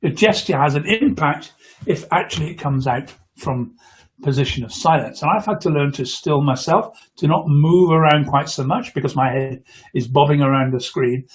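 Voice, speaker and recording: A man's voice: fairly high pitch, moderate pace. Earnest man coaching on camera. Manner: earnest, with frequent restarts and repeated words. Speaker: public speaking coach. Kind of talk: live-streamed speaking tips. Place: indoors, in front of a camera for a live video. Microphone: close microphone at a computer.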